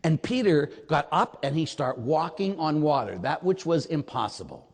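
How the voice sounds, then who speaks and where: A man who is a priest, preaching a sermon in a conversational, animated way, often checking in with his audience. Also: a little high, normal speed. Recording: long hall reverb.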